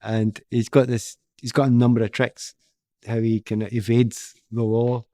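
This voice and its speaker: Gravelly middle-aged man telling stories. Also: medium pitch, moderate pace, no echo, studio quality. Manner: laughs often, animated storyteller. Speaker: guest, former footballer. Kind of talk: anecdotal storytelling in an interview.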